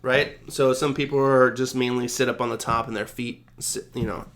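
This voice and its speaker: A young man co-hosting a podcast, telling a story in a casual, animated way and laughing often. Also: mid-range voice, moderate pace. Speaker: podcast co-host. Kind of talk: casual chat.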